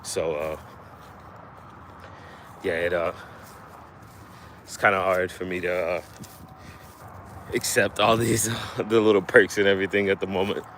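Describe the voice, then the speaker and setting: A man hosting a casual livestream outdoors while fishing, talking in a relaxed, halting way with lots of fillers and restarts, a little out of breath. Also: sits low, slight background noise. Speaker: livestream host.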